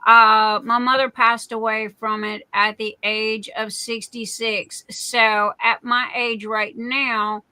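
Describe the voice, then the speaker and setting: A woman's voice: a little high, sharp tone, clean tone, no room sound. A middle-aged woman from Southern Arizona hosting a live stream, chatting casually and telling stories with laughs. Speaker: livestream host.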